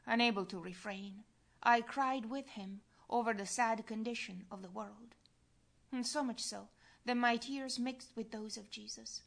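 Slow, solemn woman reading devotional text. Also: fairly high pitch, vocal fry. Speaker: reader.

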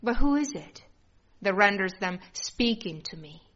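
A woman reading the part of a tender, loving divine man who speaks to a soul in a slow, gentle, devout way. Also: mid-range voice, expressive. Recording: dull lo-fi recording.

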